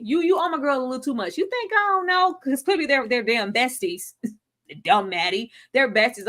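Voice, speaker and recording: A woman's voice: a little high, a bit bright. A woman on a video call giving blunt, wisecracking commentary on a TV episode in casual slang. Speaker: panelist on a live TV breakdown stream.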